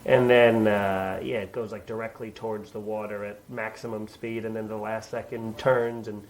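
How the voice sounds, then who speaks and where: A man's voice: fairly low pitch, flat delivery, normal speed, crowd noise, rough recording. A man from New York, a comedian guest, chatting casually in a basement with rambling, self-deprecating jokes. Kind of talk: casual chat.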